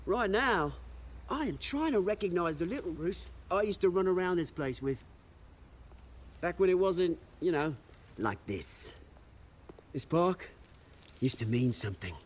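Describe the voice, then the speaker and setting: An actor playing a brash British male street tough who is an old friend, cocky and animated, in a video game. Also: sits high, a little slow, pauses often, slight background noise. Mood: wistful. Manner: cocky, animated, drops to brooding.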